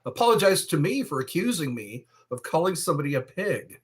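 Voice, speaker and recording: A man chatting casually on a live stream from his bedroom, rambling and defensive with drawn-out phrases. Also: fairly high pitch, sing-song, slightly rough, faint music behind. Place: bedroom at home.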